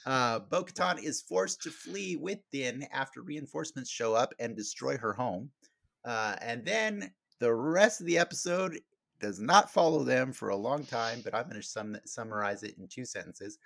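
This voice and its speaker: A man's voice: mid-range voice, lively intonation, moderate pace, gravelly, a bit bright, no echo, clean studio sound. A man hosting a podcast, chatting casually and rambling, with many fillers and restarts. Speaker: podcast host.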